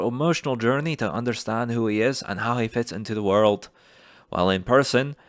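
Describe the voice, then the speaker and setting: A man doing a loud, lively Irishman. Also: mid-range voice, clear, resonant tone, no room sound, studio quality, close to an everyday voice. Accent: put-on Irish. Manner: reads aloud in an animated, loud put-on voice. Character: laid-back funny Irishman, adult male.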